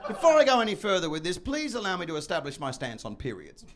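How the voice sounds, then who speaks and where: A man doing a stand-up comedy set, brash and loud, bursting into shouts and mock voices. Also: high-pitched, huge pitch swings, fast talker. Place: comedy venue with audience.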